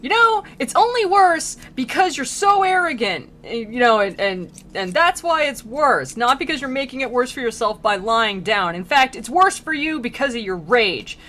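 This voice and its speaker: A woman voicing an exasperated male poet guide who scolds and yells at a damned soul. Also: moderate pace, few pauses, close to an everyday voice. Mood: scolding. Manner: shouting, scolding, high-strung.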